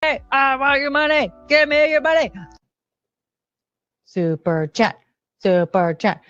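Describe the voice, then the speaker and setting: A woman's voice: high-pitched, sing-song, slow pace, fairly bright tone, muffled recording, pitched above the performer's own voice, exaggerated voice. A woman putting on a pushy, greedy voice, chanting demands for money over and over.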